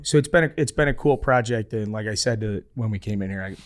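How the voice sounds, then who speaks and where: Speaking at a quick pace with a lowish voice, a man co-hosting a podcast spins stories in casual chat and acts out quoted voices with animation. Slight background noise is audible.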